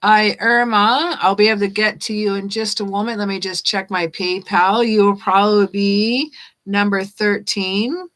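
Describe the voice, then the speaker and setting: A woman giving tarot readings on a casual live stream, chatting and reading card meanings aloud as she thinks out loud. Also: medium pitch, steady tone, normal speed, rough recording. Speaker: tarot reader.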